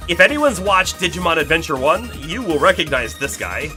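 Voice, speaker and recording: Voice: medium pitch, big pitch swings, fairly quick, bright, forceful tone, faint music behind. A streamer giving chatty playthrough commentary, reading game dialogue aloud and laughing often.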